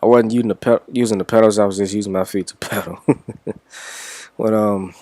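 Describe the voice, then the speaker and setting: A man's voice: fairly low pitch, steady tone, a little fast, darkish tone, no echo. A young man from Washington, D.C., telling a story in a casual, rambling way with plenty of swearing. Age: young adult. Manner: rambling, profane, laid-back. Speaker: reaction vlogger.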